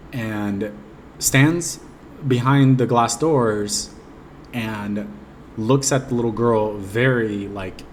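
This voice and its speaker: A man's voice: mid-range voice, slight background noise. A man casually retelling a dream in a rambling, hesitant way, full of ums and restarts. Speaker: vlogger recounting a dream. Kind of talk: casual personal storytelling.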